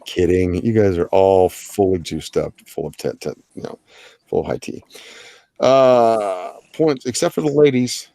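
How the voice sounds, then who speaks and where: A man with a low-pitched, creaky, dark voice speaks unhurriedly in a dry recording. He hosts a drawing-challenge livestream, rambling casually with plenty of filler and joking asides.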